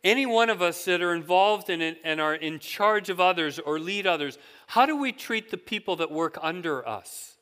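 A man's voice: high voice, lively intonation, normal speed, few pauses, bright, forceful tone, clear, resonant tone. A man preaching a sermon, telling stories in a conversational way and asking his listeners questions. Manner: conversational storytelling with questions to the congregation. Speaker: pastor. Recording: long hall reverb.

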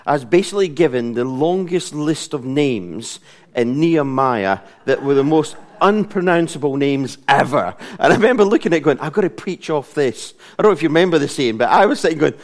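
A man's voice: a little high, lively intonation, brisk. A middle-aged man, preaching a casual sermon in a church, chatty and self-deprecating, laughing often. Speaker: pastor.

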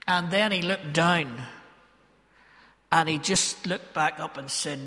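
Northern Irish preacher in an echoing church. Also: male voice, a little high, bright, forceful tone. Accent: Northern Irish, Ballymena. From Northern Ireland. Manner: storytelling, emphatic, drawn-out phrases. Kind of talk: sermon.

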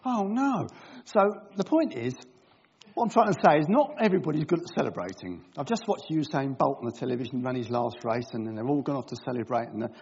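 Speaking fast with lively intonation, an older man addresses a gathering in a mid-range, creaky, darkish voice with a breathy edge. He reads Scripture first, then tells a humorous, self-deprecating talk of anecdotes and voices, in a dull lo-fi recording.

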